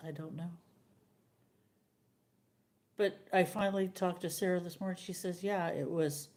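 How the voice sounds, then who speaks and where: An older woman hosting a live stream, chatting casually with viewers and telling a rambling, halting story. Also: lowish voice, a little mellow.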